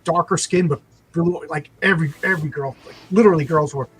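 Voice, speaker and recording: Middle-aged New York man, slightly high voice, rambling casual storyteller. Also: fast talker, soft background music, low-quality recording. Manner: rambling, full of "like" and restarts.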